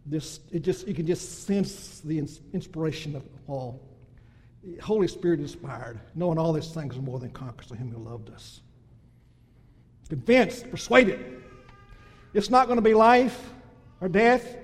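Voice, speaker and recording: Male preacher with a high voice, delivering a sermon with surging emphatic runs; a long hall reverb. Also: expressive, normal speed, pauses often. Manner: builds to loud emphatic crescendos, then drops soft.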